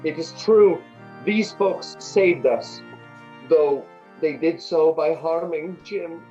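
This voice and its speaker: A man's voice: a little high, takes it slowly, mellow, faint music behind, pitched above the performer's own voice. A man voicing an earnest male townsman who speaks formally, over dull lo-fi audio.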